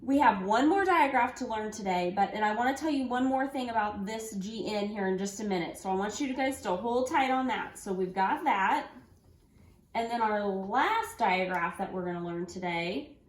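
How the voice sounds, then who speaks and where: A woman teaching young children a phonics lesson, speaking slowly and clearly, spelling out letters and encouraging them. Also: medium pitch, slight background noise. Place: home room with an easel. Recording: echoey room.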